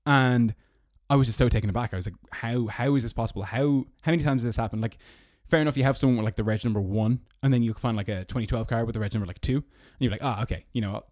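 A man's voice: fast, hardly any pauses, darkish tone, dry recording, studio quality. A young man with an Irish accent, hosting a podcast alone from his car and rambling through stories with sarcastic asides. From Ireland. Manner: rambling storyteller, sarcastic, mock-squeaky when mocking. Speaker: podcast host. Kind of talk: casual solo podcast monologue. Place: parked car.

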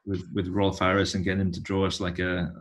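A man's voice: deep voice, completely flat delivery, fast. A man in his thirties, a touring musician and podcast guest, telling rambling stories with many halts and restarts. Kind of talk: casual conversation.

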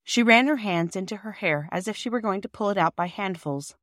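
A woman narrating a classic children's novel aloud, reading in a measured, expressive way. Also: medium pitch, no echo, studio quality. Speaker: audiobook narrator. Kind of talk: scripted storybook narration.

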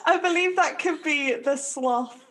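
A woman's voice: sits high, measured pace, a bit bright, a little hiss or hum. Jokey sweary woman co-host. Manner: jokey, sweary, mock-formal. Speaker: podcast co-host. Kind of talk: casual chat.

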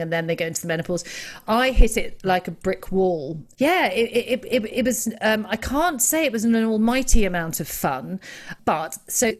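Woman in her middle years chatting, swears a lot, laughs at herself. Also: medium pitch. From England. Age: middle-aged. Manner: chatty, self-mocking, swears freely, laughs often. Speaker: podcast guest. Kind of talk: casual chat.

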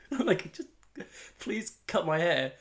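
A young man co-hosting a podcast, telling comic anecdotes in a casual, animated way, often laughing and imitating other people in a lower voice. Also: slow. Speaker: podcast co-host. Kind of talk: casual comedic storytelling.

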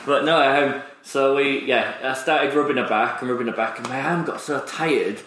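A man tells a story in a casual podcast chat, stumbling through restarts and laughing as he goes. His voice sits at an ordinary middle pitch. The room gives it a noticeable echo. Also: moderate pace, background noise. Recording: roomy echoey room.

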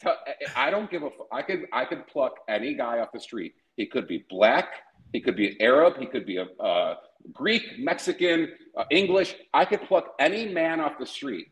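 A man's voice: medium pitch, expressive, normal speed, fairly bright tone, echoey room, poor audio. A man hosting a podcast in casual chat, profane and rambling, often breaking into laughter. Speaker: podcast host.

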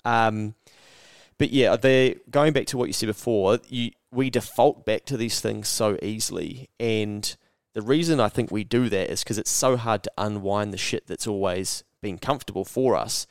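A man's voice: on the low side, normal speed, clear, resonant tone, no room sound, clean studio sound. A man with a New Zealand accent hosting a casual podcast chat, telling stories frankly and swearing freely. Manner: candid, sweary storyteller acting out his own thoughts. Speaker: podcast host.

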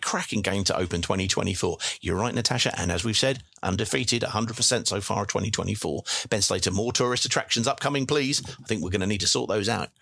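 A man's voice: on the low side, gravelly, pushed and bright, breathy edge, no room sound, studio quality. A man with an English accent hosting a podcast, reading out listener messages in a jokey, chatty way. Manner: jokey, chatty, wordplay asides. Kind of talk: casual chat.

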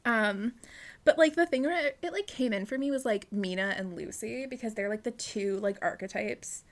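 A young woman co-hosting a podcast in casual chat, animated and full of "like", acting out quotes. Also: a little high, moderate pace. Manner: animated, heavy use of "like", acts out quotes. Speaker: podcast co-host.

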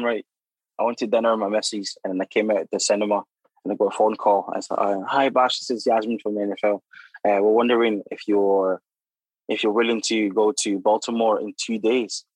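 A young man, a guest telling animated, laughing stories full of acted-out quotes. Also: lowish voice, a little fast, dry recording, rough recording. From Democratic Republic of Congo. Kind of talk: casual storytelling.

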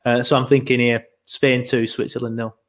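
A man talking football in a relaxed, hesitant way on a casual podcast. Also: mid-range voice, normal speed. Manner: laid-back, hesitant, many fillers. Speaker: podcast co-host.

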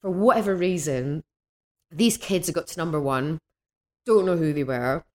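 A woman, a podcast guest telling stories in lively casual chat and laughing often. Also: low-pitched, moderate pace. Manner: animated, laughs through stories.

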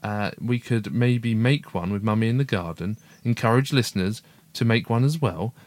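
A man's voice: lowish voice, moderate pace, dry recording. A middle-aged man co-hosting a casual family podcast, chatty and upbeat as he reads out listener emails. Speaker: podcast co-host, father.

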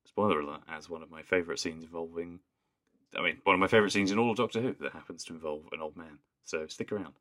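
Very deep, bright-voiced wry Englishman. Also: quick pace. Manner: wry, dry jokes. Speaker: podcast co-host. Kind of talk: casual chat.

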